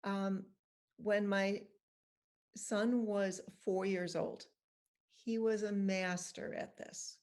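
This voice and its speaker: A woman's voice: mid-range voice, fairly even intonation, drawn-out words, a little mellow. A middle-aged woman guest patiently explaining, step by step, how to handle judgment. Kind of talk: calm guided instruction and anecdotes.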